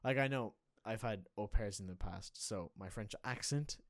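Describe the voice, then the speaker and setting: Rambling young Irish man, low voice. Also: moderate pace, dry recording, studio quality. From Ireland. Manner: rambling, self-correcting storyteller. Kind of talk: casual chat.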